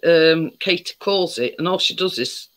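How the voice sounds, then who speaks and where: A man cutting into a casual podcast chat with a drawn-out way of talking. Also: a little high, a bit bright, low-quality recording.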